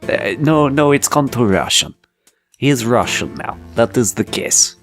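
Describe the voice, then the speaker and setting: A man hosting a game playthrough, chatting in rambling, self-deprecating asides. His pitch moves a lot while the pace stays slow. Faint music runs underneath. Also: very animated, fairly bright tone. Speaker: let's play host. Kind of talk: casual game commentary.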